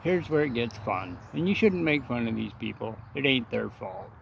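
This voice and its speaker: A man's voice: mid-range voice, animated, normal speed, creaky, a little hiss or hum, poor audio. A man telling a folksy, profane story in a casual, rambling way.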